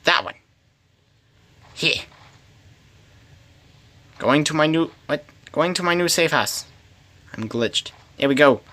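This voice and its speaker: A man's voice: fairly high pitch, lively intonation, takes it slowly, pauses often, sharp tone. A man giving solo gameplay commentary, talking to himself in a pleading, playful way. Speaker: gamer.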